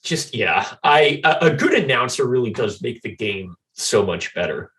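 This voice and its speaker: A man with a mid-range, sing-song voice and a fairly bright tone talks at a normal speed, sitting far from the mic. He co-hosts a podcast, chatting about games in a laid-back way, laughing easily and swearing offhandedly.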